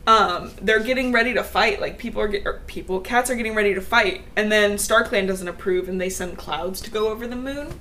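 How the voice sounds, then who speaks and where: A woman's voice: mid-range voice, fairly quick, few pauses, pushed and bright, slight background noise. Chatty laughing young woman podcaster. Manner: chatty, laughs often, swears casually. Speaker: podcast co-host recapping a book. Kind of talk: casual chat.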